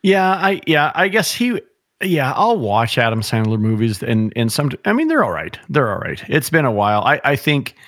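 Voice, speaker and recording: A man's voice: mid-range voice, big pitch swings, moderate pace, a bit bright, no echo, studio quality. A middle-aged man in casual chat, an enthusiastic storyteller who retells film scenes.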